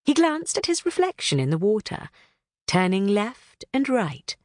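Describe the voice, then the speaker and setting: An audiobook narrator with a medium-pitched voice reads a children's book aloud from a script, animated and unhurried in a storytelling style. The sound is studio quality with no room sound.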